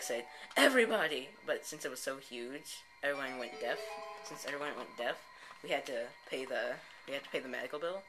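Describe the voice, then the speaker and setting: A let's play commentator rambles through a made-up story and keeps stopping to restart sentences. The pitch sits in the middle. Video game music plays clearly in the background. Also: low-quality recording. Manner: rambling, lots of fillers.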